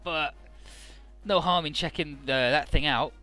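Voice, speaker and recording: A man's voice: on the high side, measured pace, bright, forceful tone, soft background music. A man doing a breezy crew officer.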